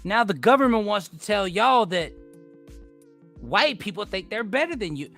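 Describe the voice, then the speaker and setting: A man's voice: high-pitched, sing-song, moderate pace, fairly bright tone, soft background music. An American man ranting to his viewers in a heated, profane way, repeating himself and arguing back at chat. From United States. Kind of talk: heated casual rant.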